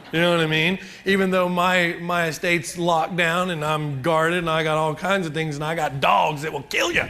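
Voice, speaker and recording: Joking high-voiced man teaching a seminar. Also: background noise. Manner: joking, chatty, asks the crowd questions. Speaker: real estate seminar speaker. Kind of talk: live seminar talk to an audience.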